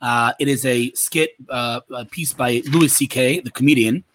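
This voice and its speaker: A man from Israel talking as an interview guest, telling stories in a rapid, animated way. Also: mid-range voice, a little hiss or hum. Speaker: guest entrepreneur. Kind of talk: casual interview talk.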